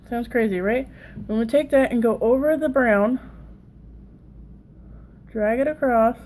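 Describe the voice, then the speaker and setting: A woman's voice: on the high side, vocal fry, warm tone, slight background noise, rough recording. A woman in her thirties with a Southern accent, chatting and rambling through a casual makeup tutorial. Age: 30s. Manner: chatty, rambling, self-deprecating. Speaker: makeup vlogger.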